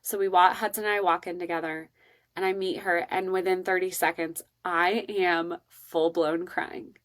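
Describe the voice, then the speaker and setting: A woman hosting a podcast, telling a personal parenting story in an earnest, emotional and expressive way. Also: on the low side, moderate pace. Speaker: podcast host.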